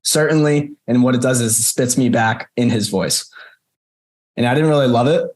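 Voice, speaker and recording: A man's voice: medium pitch, moderate pace, a little mellow. Man, course instructor, casual screen-share walkthrough, chatty, video call audio. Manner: conversational, frequent "right?" tags, addresses students by name.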